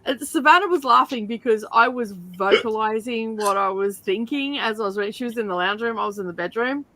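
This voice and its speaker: A middle-aged Australian woman hosting a reading stream, telling animated stories in casual chat and often breaking into laughter. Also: a little high, fairly quick, dry recording.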